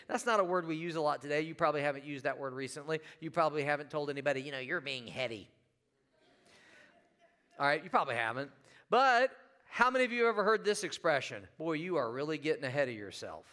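A man's voice: fairly high pitch, bright, forceful tone. A middle-aged man preaching a sermon in church, telling a funny story and putting questions to the congregation. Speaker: pastor. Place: church sanctuary.

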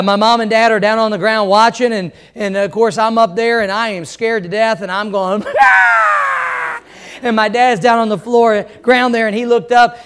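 A man. He preaches in a folksy, storytelling manner, rising to loud emphatic passages and then dropping to quiet ones. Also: sits high. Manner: folksy storytelling preacher with wide swings in loudness. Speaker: pastor. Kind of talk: sermon.

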